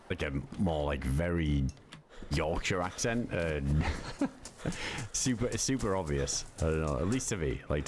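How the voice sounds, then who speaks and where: Low-voiced streamer man, swearing casually. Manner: rambling, filler-heavy, swears casually. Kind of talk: casual gaming livestream chat. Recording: constant background noise.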